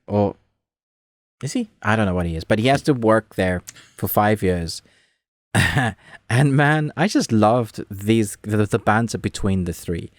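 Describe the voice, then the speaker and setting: A man with a fairly low voice chats casually about a film as a podcast co-host. He rambles, restarts his sentences and gets animated as he goes. The sound is dry, with no room echo. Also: a little slow. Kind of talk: casual movie review chat.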